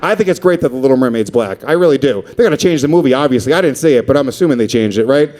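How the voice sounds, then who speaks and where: A man in his thirties performing a stand-up comedy set on stage, crude and profane, rambling with quick asides. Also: medium pitch, lively intonation, a little mellow.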